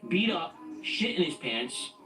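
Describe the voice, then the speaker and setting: A man's voice: fairly high pitch, big pitch swings, a little slow, bright, forceful tone. A middle-aged man telling his own story as a guest in a blunt, streetwise and profane way. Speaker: guest recounting his past. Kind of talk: casual spoken storytelling. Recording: echoey, distant from the mic, faint music.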